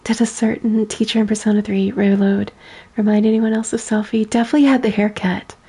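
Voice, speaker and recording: A soft-spoken woman streamer with a gravelly, husky texture, speaking close to the mic for an ASMR gameplay stream. Her tone is mellow and dark, and she reads game text aloud quietly between small giggles. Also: mid-range voice, flat delivery, fairly quick.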